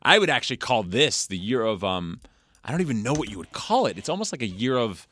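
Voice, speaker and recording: A middle-aged man hosting a casual interview, animated and jokey, laughing often. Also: mid-range voice, fairly quick. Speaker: podcast host.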